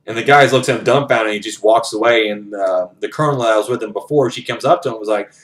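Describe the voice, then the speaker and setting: A man's voice: fairly low pitch, fast. A man casually retelling a novel's plot in his own words, rambling with fillers and swearing. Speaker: book reviewer.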